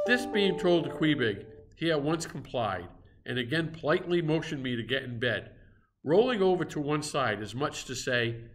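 A man reading a classic novel aloud in a steady, expressive narrating voice. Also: fairly high pitch, moderate pace. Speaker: reader.

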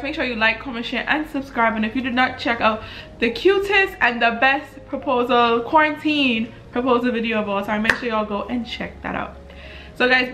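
Bright-voiced chatty young woman from the Bahamas. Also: on the high side. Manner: chatty, repeats words, storytelling. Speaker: vlogger. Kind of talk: casual chat to camera.

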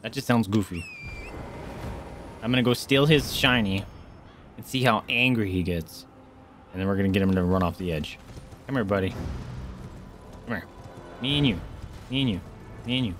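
A man streaming a game live, commentating excitably, swearing freely and taunting the enemies on screen. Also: on the low side, normal speed, long pauses, background noise.

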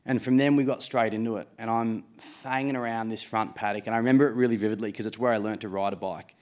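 A man's voice: fairly low pitch, fairly even intonation, fast. A man in his late twenties with an Australian accent, telling a true story live on stage in a casual, self-mocking way, with swearing and laughs.

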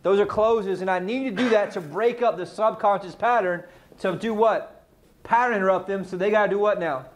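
Guy running a sales training in front of a room, fairly high voice, punchy, keeps quizzing people. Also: slight background noise. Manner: energetic, quizzes the audience, rapid questions. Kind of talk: live sales training talk. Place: training room with a live audience.

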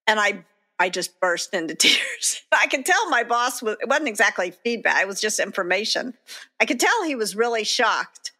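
A woman with a bright, clear voice, talking candidly on a podcast. She tells her stories in a reflective, conversational way, with self-deprecating laughs. Her tone stays open and easy. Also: medium pitch, lively intonation, moderate pace. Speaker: podcast co-host.

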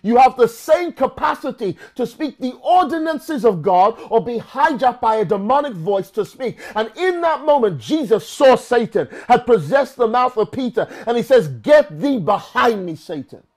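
A man's voice: lively intonation, moderate pace, few pauses, a little mellow. A man with a London accent preaching a sermon dramatically, acting out quoted voices and often repeating words as he goes. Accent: London English. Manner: dramatic, acts out quoted voices with swings in pitch and volume. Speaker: pastor.

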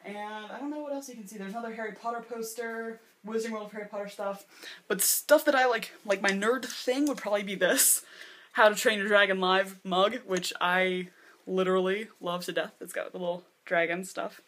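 A woman's voice: medium pitch, fairly even intonation, a little fast, a bit bright, a little hiss or hum. A woman in her twenties talking casually to a camera in her bedroom, rambling and chatty, filling her sentences with "like". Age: 20s. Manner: chatty, rambling, lots of "like" and acted-out quotes. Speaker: vlogger. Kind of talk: casual vlog chat. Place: bedroom with posters.

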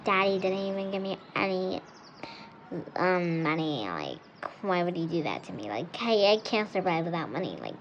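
A woman's voice: on the low side, sing-song, normal speed, dull audio, a little hiss or hum, pitched below the performer's own voice. A woman voicing a spoiled, whiny rich girl who drawls "like" and groans often in a game role-play. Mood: complaining.

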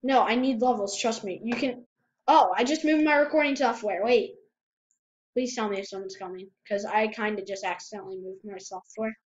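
A woman giving casual gameplay commentary at her computer, excitable and prone to repeating herself. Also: mid-range voice, a little fast, slight background noise. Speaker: gamer. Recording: dull lo-fi home mic.

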